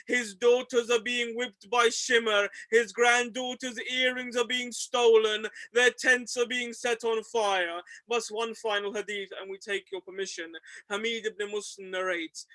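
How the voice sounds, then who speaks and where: A man with a high, bright voice delivers a mourning sermon. He recounts a tragic story, his delivery swelling into impassioned cries. The sound is close and dry. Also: no echo, rough recording. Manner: recites a tragic narrative, rising to impassioned cries. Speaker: religious speaker.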